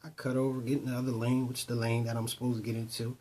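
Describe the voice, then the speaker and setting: Brief: man, mid-pitched voice, conversational storyteller, voices the other people in his stories. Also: little pitch movement, racing, darkish tone. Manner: conversational, retells dialogue in voices, repeats "boom". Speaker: storyteller addressing youth. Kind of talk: casual spoken storytelling.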